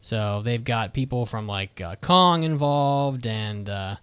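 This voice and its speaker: A man's voice: mid-range voice, takes it slowly, fairly bright tone, clean tone. A man co-hosting a podcast in casual chat, rambling and swearing freely. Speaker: podcast co-host.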